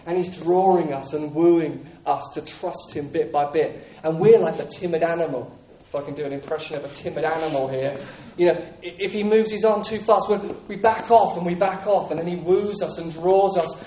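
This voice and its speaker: A man's voice: on the high side, moderate pace, few pauses, mellow, slight background noise. Earnest male preacher in an echoey hall. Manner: earnest, repetitive, with many restarts. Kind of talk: sermon. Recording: echoey room, voice from a distance.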